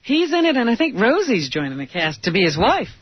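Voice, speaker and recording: A man with a very high, husky voice cracks wise in casual radio chat, his pitch jumping lively. The broadcast sound is muffled. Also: brisk, no echo.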